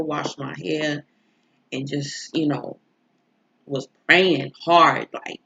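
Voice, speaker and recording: A woman's voice: low-pitched, a bit bright, highs cut off, a little hiss or hum. A woman, an astrology and tarot reader, talking in a rambling, emotional way with a stuffy nose from crying, throwing in rhetorical asides. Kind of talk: casual confessional vlog chat. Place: home.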